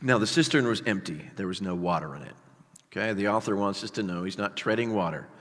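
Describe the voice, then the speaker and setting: A male pastor preaching a sermon with animated storytelling and casual asides to the congregation. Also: on the low side, fast talker. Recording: long hall reverb.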